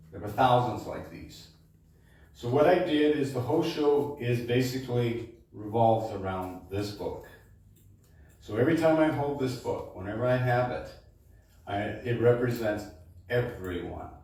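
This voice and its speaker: A man, a baritone singer, casually introducing his show to a live supper club audience and often checking in with "okay?". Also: a little mellow. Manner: chatty, keeps checking in with "okay?". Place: supper club performance room. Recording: echoey room, distant mic.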